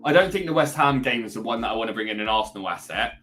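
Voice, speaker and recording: A man co-hosting a casual fantasy football podcast, calmly laying out his options one by one with a dry sense of humour. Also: lowish voice, very fast, soft background music. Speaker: podcast co-host.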